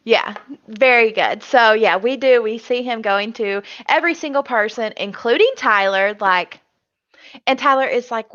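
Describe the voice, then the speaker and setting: A woman's voice: a little high, moderate pace, a bit bright, no echo. A woman co-hosting a casual chat show, chatty, who laughs often and acts out what others said. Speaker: co-host. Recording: dull lo-fi sound.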